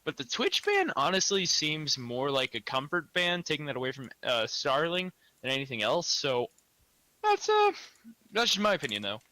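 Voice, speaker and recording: A man casting a live esports match, chatty and opinionated and quick to laugh. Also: fairly high pitch, very animated, sharp tone, dry recording. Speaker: esports caster.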